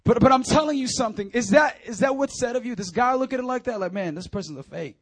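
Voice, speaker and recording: A male pastor with a high, bright-toned voice, preaching with animated energy. He swings from loud, urging calls to hushed, intimate asides, leaning on repeated rallying phrases. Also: fast. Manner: repeats calls like "come on now" and "I'm telling you". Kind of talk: sermon.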